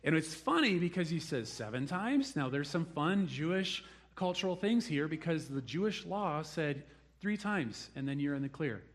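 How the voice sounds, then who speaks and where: A man's voice: fairly high pitch, lively intonation, normal speed. A man preaching a sermon, telling the story with animation and acting out the people he quotes. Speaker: pastor.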